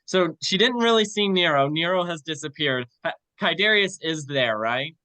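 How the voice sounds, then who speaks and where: A player in a tabletop game, animated and insistent, acting out what their character does. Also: mid-range voice, normal speed, no room sound, rough recording. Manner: animated and insistent, retelling scenes. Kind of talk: casual tabletop game banter.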